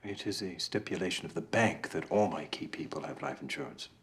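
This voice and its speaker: A cunning middle-aged novelist on the witness stand, speaking with formal, measured politeness. His voice sits low, and his composure never slips. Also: a bit bright. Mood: calm. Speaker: crime novelist on trial. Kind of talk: courtroom film drama.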